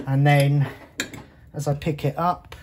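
A man's voice: on the high side, flat delivery, slow, noisy background. A man hosting a cooking show, chatting casually as he walks viewers through each step of a recipe in a kitchen. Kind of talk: cooking demonstration.

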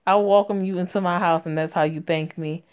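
A woman's voice: fairly low pitch, steady tone, brisk, darkish tone, clear, resonant tone, lightly acted. Woman reading as an angry young man. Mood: accusing. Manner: accusing, indignant.

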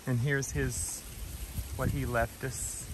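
A man giving a gentle, affectionate walking tour of his farm outdoors, filmed on a handheld camera. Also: mid-range voice, flat delivery, slow pace, background noise. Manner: gentle, affectionate, talks to trees and animals. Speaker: vlogger touring his farm. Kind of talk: casual walking tour vlog.

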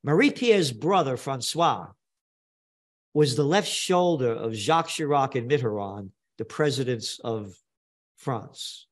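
A man's voice: mid-range voice, expressive, slow. Blunt older New man. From New York. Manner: emphatic, blunt, repeats phrases for effect. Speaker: guest. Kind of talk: animated storytelling interview talk.

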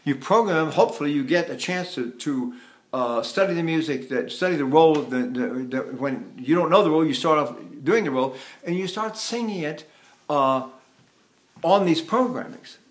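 A man's voice: a little high, expressive, moderate pace. An older man from the United States giving a vocal lesson, talking in a rambling way and breaking into sung demonstrations. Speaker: voice teacher.

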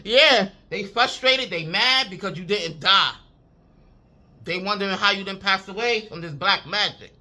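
Forceful, bright-voiced woman giving a reading. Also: medium pitch, moderate pace. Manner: profane, emphatic, repeats "I'm telling you"; chuckles often while talking. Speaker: intuitive reader. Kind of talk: casual spiritual reading to viewers.

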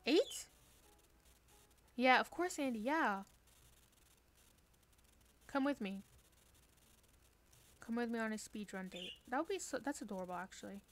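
A woman's voice: on the high side, lively intonation, normal speed, long pauses, a bit bright, slight background noise. A young woman streaming a game from her room, chatting casually with playful, self-mocking trash talk. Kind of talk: casual live-stream chat while gaming.

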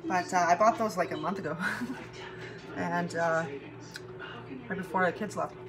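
A woman's voice: lowish voice, fairly even intonation, moderate pace. A tired woman vlogging from her bedroom, rambling in a chatty, profane way and laughing often. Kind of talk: rambling casual monologue. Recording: music loud in the background. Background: music playing.

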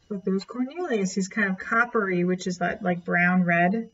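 A woman's voice: mid-range voice, moderate pace, hardly any pauses, far from the mic, muffled recording, slight background noise. Woman reading a picture book aloud. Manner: gentle, explaining pictures to a child. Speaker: storyteller.

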